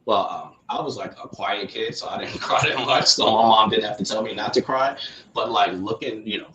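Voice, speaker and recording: A man speaking as a podcast guest, calm and reflective, explaining his thoughts at length. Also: lowish voice, a little fast, dull audio, a crowd in the background. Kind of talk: casual podcast conversation. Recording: roomy with faint background noise.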